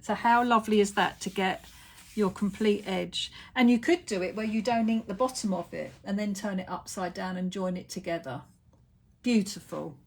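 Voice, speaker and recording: A woman's voice: medium pitch, moderate pace, vocal fry. A middle-aged British woman hosting a casual craft live stream, gushing with praise as she shows cards.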